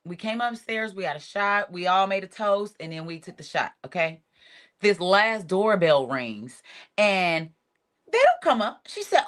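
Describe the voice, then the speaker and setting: A woman tells a story in a casual interview. Her talk is animated, and she acts out what others said as she goes. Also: mid-range voice, measured pace. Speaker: reality show cast member, guest.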